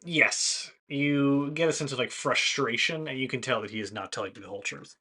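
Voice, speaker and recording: A man narrating a tabletop game as game master in a loose, relaxed way with fillers. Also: medium pitch, a little fast, husky.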